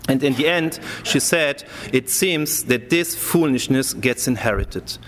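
A man's voice: mid-range voice, unhurried, big-room sound, a little hiss or hum. A man, a rabbi, telling a long personal story to an audience and acting out the people he quotes. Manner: animated storyteller who acts out the people he quotes.

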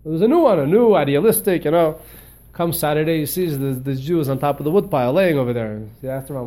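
A man teaching a religious class, telling stories in an animated way and often repeating words as he hunts for the phrase. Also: fairly high pitch, fast talker. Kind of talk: storytelling lecture.

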